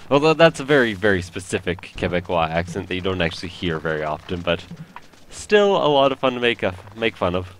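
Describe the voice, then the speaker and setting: A man's voice: deep voice, very animated, brisk, fairly bright tone, a little hiss or hum. A man whose first language is French, rambling and joking at his own expense while commenting on a video game. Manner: rambling, joking, self-mocking. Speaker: let's play host.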